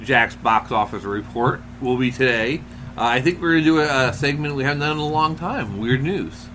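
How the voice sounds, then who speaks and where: A man's voice: medium pitch, fairly quick, a little hiss or hum. Rambling jokey male podcast host. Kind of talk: casual podcast chat.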